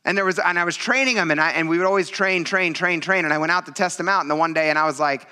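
Man, pastor, sermon, animated storyteller, high voice, bright tone. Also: quick pace, clean tone. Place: church.

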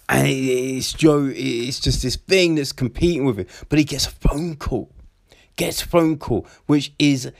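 Man, casual film reviewer, unhurried, profane and rambling, gets excitable, mid-range voice. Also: mid-range voice.

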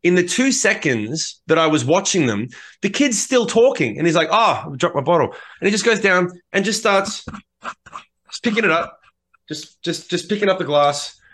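On a podcast, a high-voiced male co-host tells stories at a normal pace in casual chat. He's an animated storyteller who swears freely and acts out what people said.

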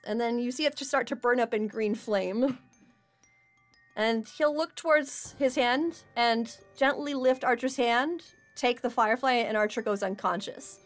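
A woman's voice: fairly high pitch, normal speed, soft background music. A woman narrating as game master of a tabletop role-playing game, laughing easily between descriptions. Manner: laughs often while narrating.

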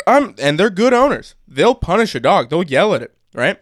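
A man's voice: high-pitched, sing-song, normal speed, dry recording, clean studio sound. A young man co-hosting a casual podcast who rants bluntly and sarcastically, swearing as he jokes. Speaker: podcast co-host. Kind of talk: casual chat.

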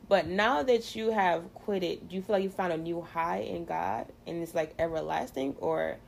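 Lady host, low gravelly voice, chatty and playful, lots of ums, bit of hiss behind. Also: moderate pace, a little mellow. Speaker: podcast host. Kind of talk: casual faith chat.

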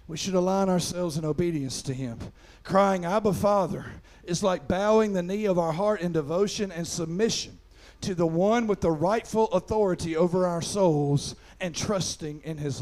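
A man's voice: high voice, creaky. A middle-aged man, preaching a sermon through a folksy personal story and peppering it with "amen". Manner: folksy storytelling, frequent "amen" fillers, rising to loud preaching. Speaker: pastor.

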